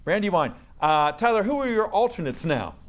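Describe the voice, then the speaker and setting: A man's voice: sits high, very animated, normal speed, slight background noise. A man hosting a school science quiz show on TV, upbeat and coaxing as he reads questions and encourages the students.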